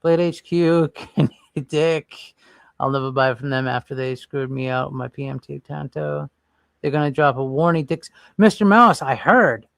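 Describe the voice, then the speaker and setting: A man's voice: on the high side, normal speed, creaky, fairly bright tone, no room sound. A man hosting a casual livestream, rambling and thinking aloud while browsing and chatting with viewers. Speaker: livestream host.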